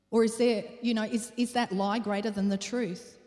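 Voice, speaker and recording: A woman's voice: mid-range voice, fairly even intonation, normal speed, darkish tone. A woman preaching a sermon in an earnest, questioning way, repeating phrases for emphasis. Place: church hall. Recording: long hall reverb.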